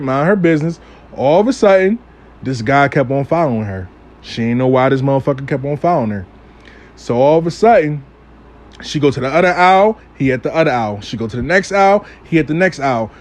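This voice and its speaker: A man telling a casual, profane story in loose street slang, often repeating phrases like "out of nowhere". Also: fairly high pitch. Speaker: storytime vlogger.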